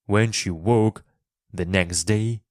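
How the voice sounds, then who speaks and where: A man narrating a classic story for English learners, reading expressively and clearly. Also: fairly low pitch, slow, a little mellow, no room sound, studio quality.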